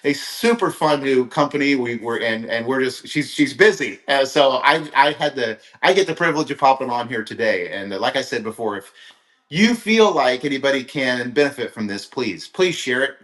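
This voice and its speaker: Speaking at a moderate pace with lively intonation, a middle-aged motivational speaker from Kansas rambles earnestly through stories on a livestream, frequently starting over. His mid-range voice is a bit bright and the room echoes.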